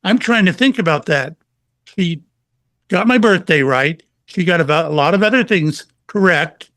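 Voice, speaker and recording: A psychic medium, a middle-aged man, tells stories as a guest in an informal interview, bringing quotes to life as an animated storyteller. His voice sits high, his speed is normal, and the sound is dry.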